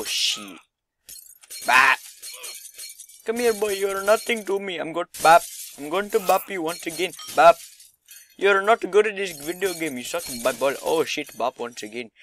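A man voicing a brash, taunting young bully who yells threats and insults. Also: sits high, a little hiss or hum, voice pushed up.

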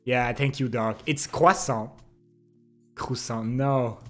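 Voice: medium pitch, steady tone, slow, a bit bright, faint music behind. A streamer who speaks natively, chatting casually and playfully with viewers, laughing and repeating words. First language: French. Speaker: live streamer.

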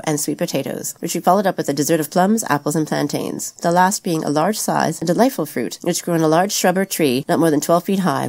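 A woman narrates a classic adventure novel in an audiobook reading. Her voice sits low and she moves through the text at a quick, even clip. The delivery stays steady and matter-of-fact. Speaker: audiobook reader.

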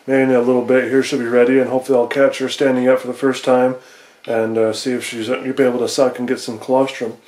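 On a phone camera in an echoey little shed at night, a young man who farms narrates a casual vlog, breathless as he talks. His medium-pitched, slightly mellow voice is fast with little pitch change, full of fillers and rambling.

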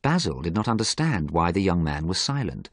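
Guy reading a learner audiobook, deep voice, bit husky, dry close sound. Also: big pitch swings, brisk, no echo. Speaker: narrator. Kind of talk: scripted audiobook narration for learners.

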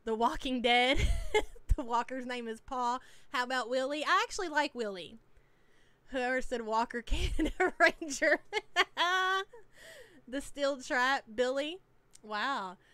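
A woman's voice: high-pitched, measured pace, sharp tone, smooth, no echo. A woman hosting a casual live-stream reaction, chatty and teasing as she reads chat names aloud.

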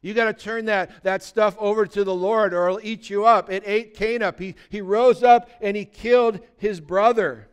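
A man's voice: high-pitched, fairly even intonation, moderate pace, few pauses, clear, resonant tone. A male pastor preaching a sermon in a conversational way, asking the congregation many rhetorical questions.

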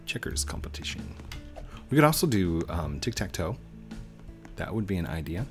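A man's voice: sits low, very animated, moderate pace, music in the background. A man casually commenting while he plays a building game, chatting to himself and his viewers. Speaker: let's play host.

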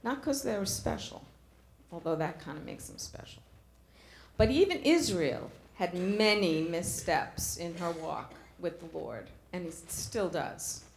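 A woman's voice: on the low side, animated, a little slow, vocal fry, echoey room, slight background noise. A middle-aged woman preaching a sermon in a church, earnest, asking the congregation questions.

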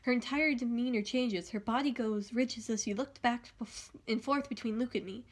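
A woman's voice: fairly high pitch, moderate pace, hardly any pauses. Woman reading a novel aloud at home. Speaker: audiobook reader. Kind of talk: first-person novel narration.

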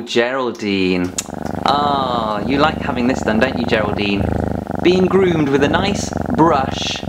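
A man's voice: medium pitch, very noisy. A man teaching a children's phonics lesson, playful and coaxing as he drills letter sounds.

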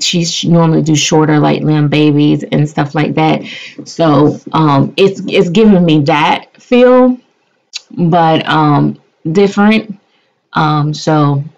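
A woman's voice: low voice, vocal fry, darkish tone. A woman chatting casually to her viewers in a gushing way, with lots of fillers. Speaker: doll collector vlogger. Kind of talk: casual chat. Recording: dull lo-fi sound.

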